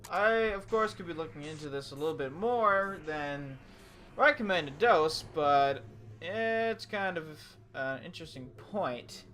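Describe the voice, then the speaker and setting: Man, let's play commentary, jokey, goofy asides, high voice, unhurried. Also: animated, bright, forceful tone. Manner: jokey, goofy asides, reads game dialogue aloud. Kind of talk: casual gaming commentary.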